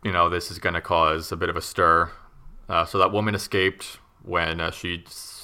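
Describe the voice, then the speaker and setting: A man's voice: deep voice, bright, forceful tone, clean tone. A man casually recounting a true crime story to a co-host, rambling with many fillers and wry asides.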